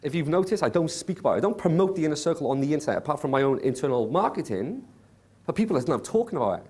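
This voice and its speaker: A man hosting a live workshop, telling a story to a room of attendees in an animated way, swearing and acting out what others said. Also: on the high side, rapid-fire. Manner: animated, swearing, acts out quotes. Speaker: workshop host. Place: conference room with audience.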